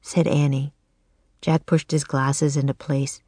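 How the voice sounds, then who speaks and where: A woman narrating a children's chapter book in a calm, even storytelling voice. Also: deep voice, a little slow, husky, no echo. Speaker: audiobook narrator. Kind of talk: scripted narration.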